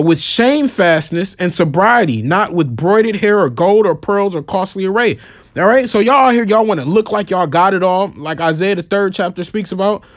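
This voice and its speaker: A man with a notably high voice delivers an informal sermon, scolding his listeners bluntly and swearing freely. When he quotes scripture he slows into a measured, solemn reading. The recording is dry and close, with no room echo. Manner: reads scripture slowly and solemnly. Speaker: preacher.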